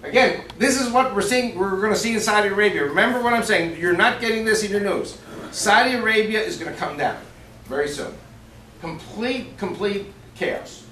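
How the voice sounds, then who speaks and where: A man's voice: high-pitched, moderate pace, pushed and bright, slight background noise. A man speaking as a guest lecturer to a club audience, emphatic and conversational, often putting questions to the listeners. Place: banquet room of a shooting sports store. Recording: echoey room, far-off mic, faint ambience.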